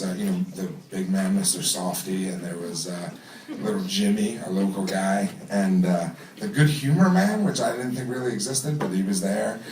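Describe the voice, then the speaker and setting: A man from New telling a true story in front of a live audience, casual and profane, laughing as he talks. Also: lowish voice. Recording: roomy venue mic from a distance.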